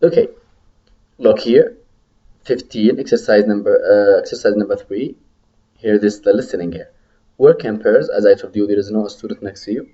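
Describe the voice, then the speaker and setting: A man teaching medical English in a recorded lecture, modelling numbers slowly for students to repeat after him. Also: on the low side, mellow, highs cut off.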